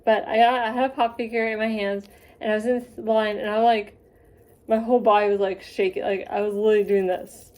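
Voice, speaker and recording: A young woman telling a rambling, gushing story in a casual vlog, excitable and quick to get carried away. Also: medium pitch. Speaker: vlogger.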